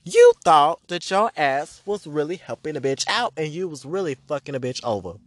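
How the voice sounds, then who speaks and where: A man's voice: fairly high pitch, very animated, moderate pace, no room sound. A man hosting a podcast as a spiritual reader, delivering a blunt, profane, emphatic rant. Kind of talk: ranting podcast monologue.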